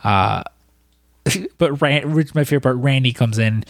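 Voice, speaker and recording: A man's voice: medium pitch, a little slow, creaky, dry recording, clean studio sound. A man casually recapping a film plot in a chat, with lots of fillers and restarts. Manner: rambling, many fillers and restarts.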